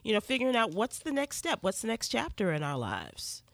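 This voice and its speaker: A woman's voice: fairly high pitch, huge pitch swings, a little fast, vocal fry, no echo. A woman co-hosting a radio show, chatty and enthusiastic, laughing often as she interviews a guest. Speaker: radio co-host.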